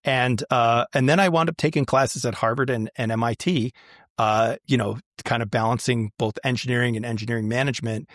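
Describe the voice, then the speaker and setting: A man's voice: medium pitch, steady tone, brisk, a bit bright, dry recording, clean studio sound. A man telling stories about his life in a casual, chatty way, with many fillers and restarts. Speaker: guest. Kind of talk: casual storytelling.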